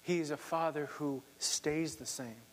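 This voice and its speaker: A man's voice: fairly high pitch, measured pace, big-room sound. A man preaching a sermon, earnest, reading scripture aloud and explaining it. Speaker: pastor.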